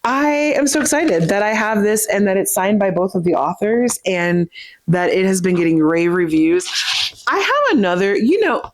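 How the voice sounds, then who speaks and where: A woman talking casually and chattily about the books she bought, animated and self-deprecating. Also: mid-range voice, moderate pace, dry recording. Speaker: book vlogger. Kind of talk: casual book haul chat.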